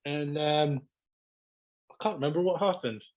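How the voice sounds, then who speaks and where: A man's voice: a little high, moderate pace. A man, a podcast guest telling a story in casual chat, swearing a lot, laughing and acting out what people said. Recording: dull lo-fi podcast audio.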